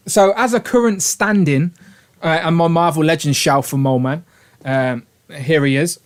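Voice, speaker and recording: A man's voice: fairly high pitch, normal speed. A man hosting a toy review livestream in casual, jokey chat, laughing often.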